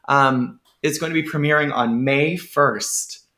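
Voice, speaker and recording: A man co-hosting a podcast in casual chat, enthusiastic and quick to jump into the news. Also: a little high, sharp tone. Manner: chatty and enthusiastic. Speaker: podcast co-host.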